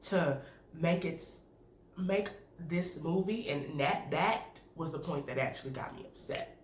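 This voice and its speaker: Animated woman in an echoey room. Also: deep voice, unhurried. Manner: candid, animated, laughing often. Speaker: video reviewer. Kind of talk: casual reaction commentary. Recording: echoey room with faint noise.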